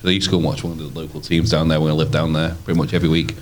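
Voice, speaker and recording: A man from northwest England, a podcast guest chatting casually in quick, short replies. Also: extremely low pitch, level tone, a little hiss or hum. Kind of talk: casual chat.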